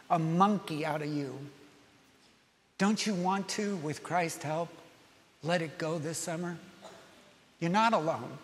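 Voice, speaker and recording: Man, pastor, sermon, high pitch, lively preaching, long hall reverb. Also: a little hiss or hum. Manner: animated preaching, softening to gentle prayer.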